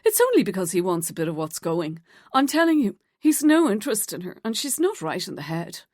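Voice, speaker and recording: A woman's voice: medium pitch, big pitch swings, a little fast, a little mellow, no echo, clean studio sound. A woman narrator voicing a catty, sneering woman office gossip with an affected South Dublin accent. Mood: spiteful.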